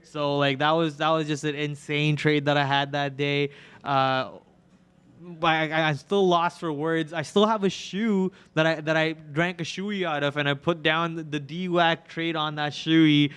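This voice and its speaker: A man's voice: on the high side, fairly even intonation, a little slow, fairly bright tone, smooth. A young man hosting a stock trading livestream, talking in loose, rambling casual commentary with lots of fillers. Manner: rambling, chatty, filler-heavy. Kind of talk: casual live market commentary.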